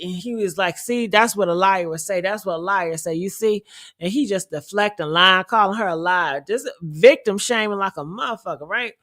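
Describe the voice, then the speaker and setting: A woman's voice: medium pitch, fairly bright tone. A woman hosting a celebrity gossip show, ranting bluntly and heatedly with lots of profanity. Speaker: commentary podcast host. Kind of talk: casual celebrity gossip commentary.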